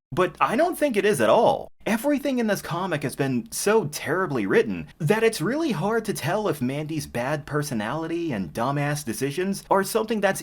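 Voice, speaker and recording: A man giving a mocking, profane commentary, often laughing in disbelief as he reviews something. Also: a little high. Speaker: comic reviewer. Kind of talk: sarcastic commentary.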